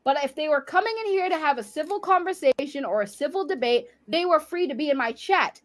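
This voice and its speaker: A woman with a high voice lays into her audience on a livestream. She is confrontational and heated, swearing as she talks. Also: lively intonation, fairly quick. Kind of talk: livestream rant.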